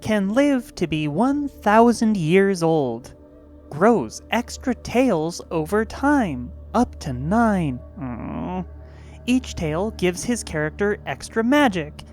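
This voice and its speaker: A woman's voice: mid-range voice, darkish tone. A woman narrating a tabletop gaming story with wry, sarcastic asides.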